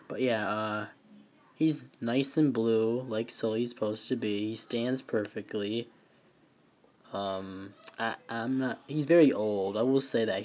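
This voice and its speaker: A young man filming a casual toy review vlog on a handheld phone, talking in a halting, rambling way with many fillers and restarts, his voice emotional. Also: fairly low pitch. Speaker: vlogger. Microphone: handheld phone camera.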